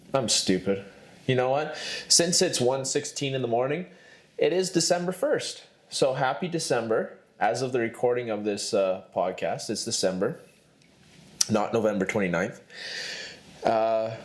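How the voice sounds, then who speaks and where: A man hosting a podcast in a rambling comedic monologue, joking and laughing at himself. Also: on the low side. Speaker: podcast host.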